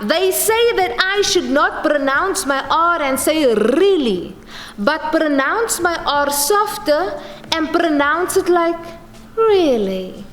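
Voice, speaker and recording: A woman with a Cape Town accent performs spoken-word poetry in a very high, slow, chanting voice. Her lines echo through a roomy hall with a long reverb tail, over a faint ambient hum. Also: fairly bright tone. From Cape Town, South Africa. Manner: rhythmic, chanting, mixes English and Afrikaans.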